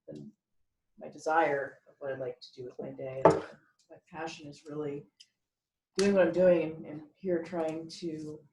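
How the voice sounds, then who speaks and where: A woman's voice: deep voice, a little mellow, roomy sound, a little hiss or hum, poor audio. A woman sharing heartfelt, rambling thoughts with a group in a casual call. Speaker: participant in a community dinner call.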